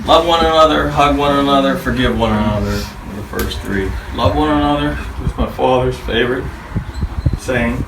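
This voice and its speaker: A man's voice: mid-range voice, moderate pace, creaky. Man telling stories in a wedding toast. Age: middle-aged. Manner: storytelling with baseball references, animated impressions. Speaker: father giving a wedding speech. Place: wedding reception room. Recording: roomy distant mic, noisy reception hall.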